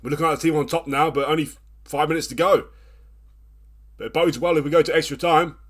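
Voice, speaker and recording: Excitable man commentating a football game. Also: on the high side, quick pace. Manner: excitable, swings from groans to shouting. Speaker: gaming channel host. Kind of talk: let's play commentary.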